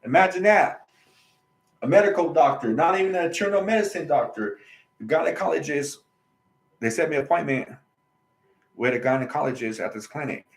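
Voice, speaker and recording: A man's voice: a little high, expressive, brisk, creaky, pauses often, roomy sound, rough recording. A man, host of his own channel, telling a personal story in a casual, emphatic monologue. He repeats himself and uses colloquial slang.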